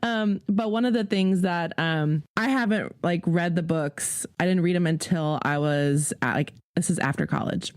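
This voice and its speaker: A woman's voice: on the low side, moderate pace, few pauses, darkish tone, dry recording, studio quality. A young woman with an American accent, hosting a podcast in casual chat, rambling with many fillers. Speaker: podcast host.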